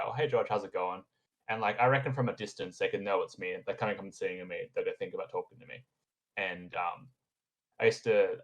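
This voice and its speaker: A man's voice: low voice, a bit bright. A young man, a podcast guest chatting casually about graduate life, rambling a little with frequent fillers and restarts. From Australia. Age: young adult. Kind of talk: casual conversation.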